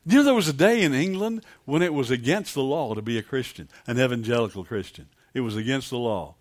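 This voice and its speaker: A man's voice: mid-range voice, lively intonation, fast. A man preaching a sermon, calling on the congregation for amens and building to emphatic peaks. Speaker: pastor.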